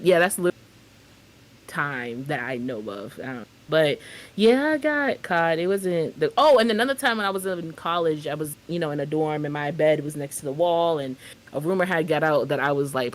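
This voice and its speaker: A woman's voice: deep voice, animated, a little fast. A young adult woman co-hosting a podcast, telling a story in casual, slangy chat and acting out the voices she quotes. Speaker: podcast co-host.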